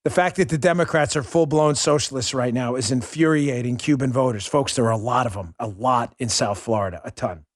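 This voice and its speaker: A man's voice: medium pitch, a little fast, few pauses, no room sound, studio quality. A man hosting a political commentary show, talking in a combative, ranting and mocking way. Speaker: host.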